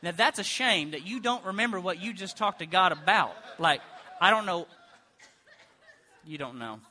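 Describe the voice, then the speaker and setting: Man, pastor preaching, high voice, comic and animated. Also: brisk. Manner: animated, comic storytelling with sudden loud bursts and mock prayer voices. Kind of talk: sermon.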